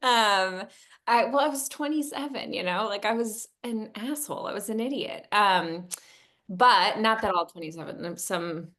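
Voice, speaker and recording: A woman's voice: mid-range voice, normal speed, fairly bright tone. A woman co-hosting a casual podcast, a yoga studio owner who talks candidly and mocks herself, swearing freely with many ums.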